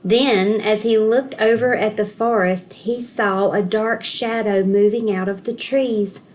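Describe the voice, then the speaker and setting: A woman school counselor reading a children's storybook aloud, telling the story clearly and expressively for young children. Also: mid-range voice, fairly even intonation, a little slow, a little mellow.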